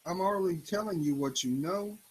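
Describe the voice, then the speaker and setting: A man giving an emphatic motivational talk in a preachy style, swinging his pitch up and down for effect. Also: fairly quick, slightly rough, poor audio. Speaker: motivational speaker.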